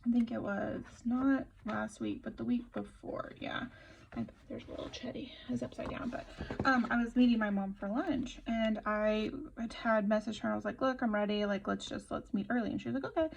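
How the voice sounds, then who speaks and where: A young woman with a slightly high voice and a gravelly, fry-touched edge rambles animatedly through a story while working on her planner at her desk. She talks casually and interrupts herself often, with a faint hiss and small clicks behind her. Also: moderate pace, dull audio. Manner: rambling, animated, many fillers and self-interruptions. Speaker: planner vlogger.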